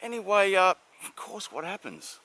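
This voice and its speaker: A man's voice: sits high, big pitch swings, moderate pace, bright, forceful tone. A man telling jokes casually and rambling through them with many fillers, calling his listener darling. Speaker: joke teller.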